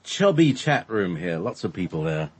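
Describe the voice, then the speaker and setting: A man's voice: low voice, big pitch swings, normal speed, a little hiss or hum. A man co-hosting a casual talk show, joking and chuckling through the banter. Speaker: co-host. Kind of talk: casual chat.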